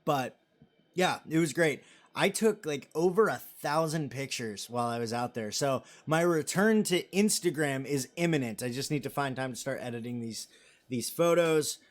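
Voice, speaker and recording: A live-stream host in his thirties chats loosely, reading viewer comments and joking about himself. His medium-pitched voice has lively intonation and moves at a normal speed.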